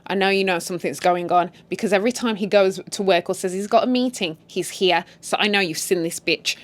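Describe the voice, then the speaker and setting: A woman voicing a furious betrayed wife who talks in a low, demanding, threatening way. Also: brisk, close to an everyday voice.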